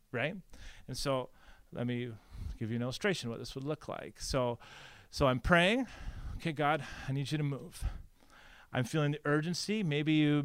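A male pastor giving a conference breakout talk in an animated, conversational, storytelling way, with frequent "like" and "right?" asides. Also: on the high side, clean tone, no echo.

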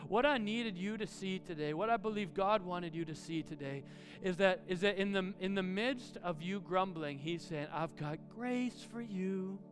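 A man preaching a sermon as pastor, with loud build-ups broken by quiet asides. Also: sits high, normal speed, few pauses. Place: church auditorium. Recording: live church sound with long reverb and faint music.

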